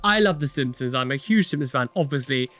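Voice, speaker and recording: A man's voice: medium pitch, lively intonation, a little fast, fairly bright tone. A young man chatting casually as he reacts to videos, rambling and exclaiming, with frequent swearing. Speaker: tattoo reaction video host.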